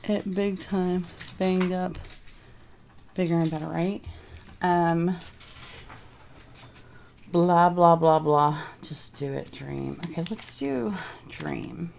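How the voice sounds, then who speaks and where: A woman's voice: lowish voice, takes it slowly, vocal fry, pauses often, darkish tone, slight background noise. A young woman crafting at home, chatting casually and thinking aloud while she changes her mind. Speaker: craft vlogger.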